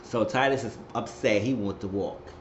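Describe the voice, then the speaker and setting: A man's voice: on the low side, normal speed. A man giving a casual, slangy recap of a TV episode, retelling scenes with lots of exclamations. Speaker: TV show recapper. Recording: roomy, dull recording with faint hiss.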